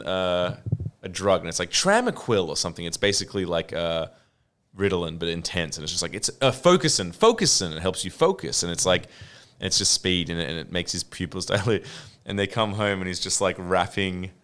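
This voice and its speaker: A man chatting casually as a podcast co-host. He tells stories in an animated way, laughing and swearing as he goes. His talk is loose and lively. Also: low voice, normal speed, clear, resonant tone. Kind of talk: casual chat.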